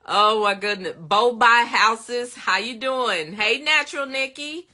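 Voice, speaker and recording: Slow-talking bright-voiced woman host. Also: fairly high pitch. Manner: chatty, greets viewers by name, laughs often. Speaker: livestream host answering viewer questions. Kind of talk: casual live chat.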